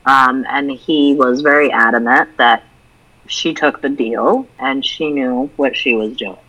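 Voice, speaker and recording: Bright-voiced woman telling a story. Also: a bass voice, a little slow, rough recording. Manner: animated storyteller who acts out quoted voices. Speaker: podcast co-host. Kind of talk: casual storytelling chat.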